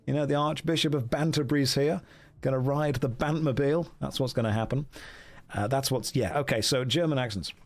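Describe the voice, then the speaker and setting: A man's voice: medium pitch, brisk. An English man streaming a gamebook, bantering with chat in a jokey way and laughing often. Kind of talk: casual stream commentary.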